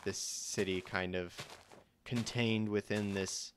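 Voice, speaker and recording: A man's voice: fairly low pitch, steady tone, takes it slowly, slight background noise. A young man casually commenting on his own gameplay during a live stream, thinking aloud and restarting his sentences as he goes. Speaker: let's play host.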